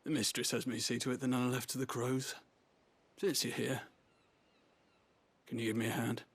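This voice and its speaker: An actor playing a weary, cynical man who buries the dead, speaking in a calm, dry, sardonic way. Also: mid-range voice, moderate pace, slightly rough, no echo. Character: weary cynical male gravedigger in service.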